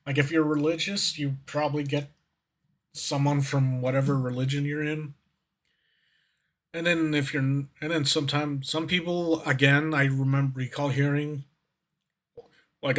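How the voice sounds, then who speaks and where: A man's voice: on the high side, a bit bright. A man streamer reacting to videos in a loose, rambling way, full of fillers, restarts and swearing. His voice sits a little above the usual male range. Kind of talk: casual reaction commentary.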